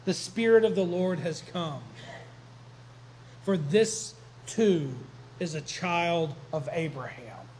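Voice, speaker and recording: A man's voice: fairly high pitch, slow, darkish tone, slight background noise. A man preaching, voicing a teacher who solemnly answers the grumblers.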